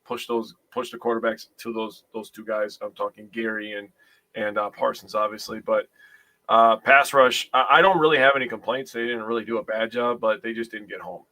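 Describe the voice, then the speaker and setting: A man's voice: lowish voice, steady tone, fairly quick, sharp tone. A man with a Wisconsin accent co-hosting a sports podcast, rambling and correcting himself as he goes. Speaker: podcast co-host. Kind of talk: casual sports podcast chat.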